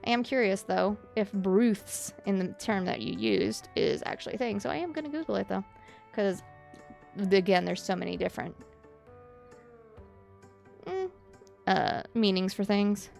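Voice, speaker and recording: A woman's voice: medium pitch, animated, measured pace, vocal fry, pauses often, a little mellow, faint music behind. A woman from Louisiana chatting with her stream chat while she plays a game, musing and reading comments aloud.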